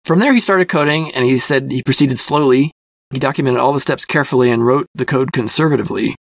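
A soft-spoken man talks his way through a magazine article, hedging and circling back with plenty of fillers. His voice sits at an ordinary middle pitch. The recording is close and dry, with no room sound. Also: quick pace, dry recording. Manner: thoughtful, hedging, self-reflective with many fillers; describes himself as a quiet person. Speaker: podcast host reviewing a magazine. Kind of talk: casual spoken commentary.

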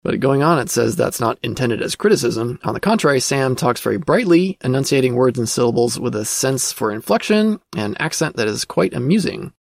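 A man's voice: medium pitch, expressive, brisk, gravelly, few pauses, no echo. A man hosting a casual podcast, reading through an old magazine and commenting as he thinks aloud, with plenty of fillers. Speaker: podcast host.

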